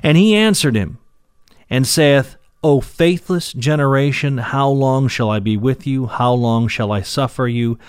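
A man's voice: medium pitch, unhurried, clean tone, no room sound, clean studio sound. Man teaching scripture verse by verse. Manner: reads scripture then explains it, with restarts and fillers. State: in pain. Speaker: Bible teacher.

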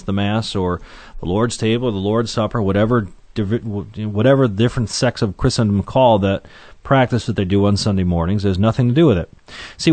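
A man teaching through a Bible passage verse by verse. He reads scripture aloud in King James wording and talks between verses in a loose, conversational way, pausing on "uh" and repeating words. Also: mid-range voice, no echo.

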